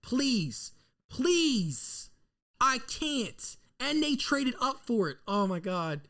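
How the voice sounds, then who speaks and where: A man, hosting a live draft reaction stream and rambling nervously as an excitable fan into a desk mic. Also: very high voice, unhurried. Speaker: sports fan host.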